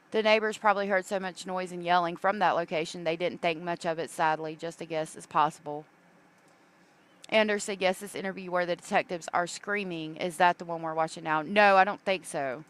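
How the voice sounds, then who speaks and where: Female stream host, casual and rambling, smooth lower-pitched voice. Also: moderate pace. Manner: chatty, reads viewer comments aloud, many fillers. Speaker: true crime livestream host. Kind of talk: casual livestream commentary.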